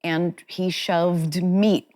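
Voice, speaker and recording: A woman guest speaks candidly, sharing personal stories in a loose, chatty interview manner. Her voice sits on the low side for a woman, and her delivery is frank and self-deprecating. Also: flat delivery, extremely slow, darkish tone. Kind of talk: candid conversational storytelling.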